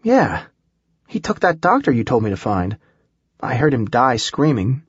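A man's voice: medium pitch, big pitch swings, measured pace, slightly rough, dry recording, muffled recording. Guy voicing a tough young survivor woman, sarcastic and blunt, raised voice, storybook read. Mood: excited. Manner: blunt, wisecracking.

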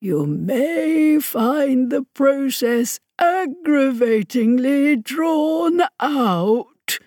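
A woman voicing a pedantic alien male minister with an artificial old man's voice, speaking with grinding slowness. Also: high-pitched, lively intonation, a little mellow, dry recording, studio quality, voice pushed up, full character voice. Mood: formal. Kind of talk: audiobook character voice.

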